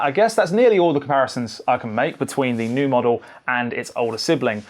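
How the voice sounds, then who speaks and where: A man giving a relaxed, conversational laptop overview as a tech reviewer, with frequent fillers. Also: medium pitch, fast talker, soft background music. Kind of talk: casual product overview.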